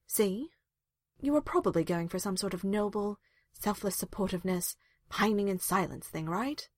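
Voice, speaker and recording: A woman voicing a brash female warrior who shouts and teases. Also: medium pitch, moderate pace, no room sound, clean studio sound, lightly acted. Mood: teasing. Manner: excited, shouting, teasing.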